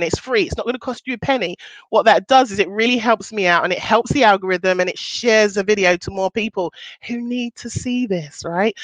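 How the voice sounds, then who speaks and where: A woman's voice: fairly bright tone, no room sound, poor audio. A woman in her thirties, a business coach hosting a casual weekly livestream, talking chattily and upbeat to her viewers. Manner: chatty and upbeat, swoops up in pitch for emphasis.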